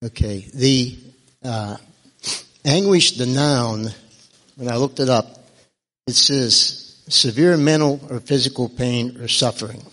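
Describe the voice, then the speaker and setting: A man's voice: medium pitch, slow pace, a bit bright, big-room sound. A man giving a devotional talk at a church service, hesitant and earnest, with many fillers.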